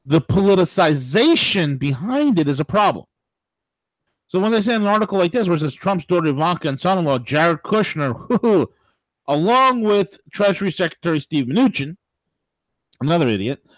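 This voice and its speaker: A man hosting a political talk show, speaking in an animated, digressive way with laughing asides. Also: high-pitched, normal speed, dry recording. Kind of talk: political talk radio commentary.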